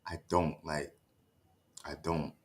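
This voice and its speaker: A man's voice: rumbling low, flat delivery, slow. A man talking casually to his livestream chat, out of breath and catching his breath, with heavy sighs, stammered restarts and frequent checks like "you know what I mean". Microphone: streaming setup mic.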